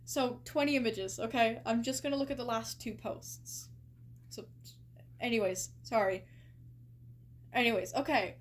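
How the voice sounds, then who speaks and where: Slow-talking young woman streamer, rambling. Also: a little high, steady tone. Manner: rambling, filler-heavy, incredulous reactions. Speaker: live streamer. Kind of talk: casual live-stream commentary.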